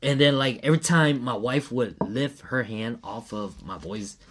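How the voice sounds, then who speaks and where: A man in his thirties tells a story in casual chat, slangy and animated. He acts out what people said as he goes. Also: medium pitch, normal speed.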